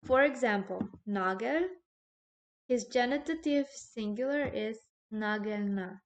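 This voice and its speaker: A woman with a fairly high voice walks through a grammar lesson at an unhurried pace. She explains each rule step by step, stops to ask "okay?", and fills her pauses with a soft "um". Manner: slow and explanatory, with frequent "um" and "okay?" checks. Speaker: language teacher.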